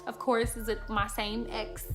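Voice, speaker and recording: A woman's voice: on the high side, little pitch movement, a little slow, over music. A young woman in her twenties from the Chicago suburbs, telling candid stories to her viewers in a slangy, frank casual vlog. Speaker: YouTuber.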